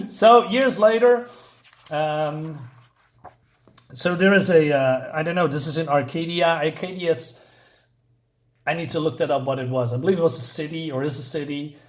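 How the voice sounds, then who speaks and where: A man hosting a relaxed comic review video, walking viewers through the plot. He pauses often to search for words and leans on fillers as he goes. His speaking voice sits a little higher than most men's. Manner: hesitant, many fillers while retelling a plot.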